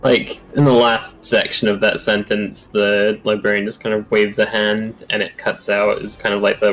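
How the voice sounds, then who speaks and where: A man's voice: on the low side, little pitch movement, moderate pace, few pauses, a bit bright, faint music behind, rough recording. A man taking part as a player in a tabletop role-playing game, speaking casually and earnestly.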